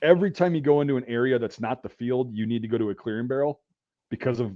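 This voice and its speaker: A man telling profane army stories in casual chat, acting out the yelling. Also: mid-range voice, quick pace, dull audio. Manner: profane, animated storytelling, acts out yelling. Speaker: podcast host, veteran telling army stories.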